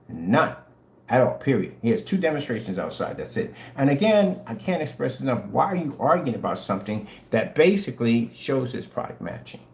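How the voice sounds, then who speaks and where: Sarcastic and taunting, a man hosting a livestream to sell projector screen paint rants at his chat and dares viewers to respond. His voice is medium-pitched and a little mellow, recorded with roomy echo and a faint hum.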